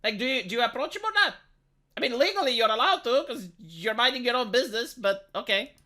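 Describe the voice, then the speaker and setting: A woman's voice: a little high, fast. A woman from Romania giving dry, mocking reaction commentary on a viral video. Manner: dry, mocking, deadpan asides. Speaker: commentary YouTuber.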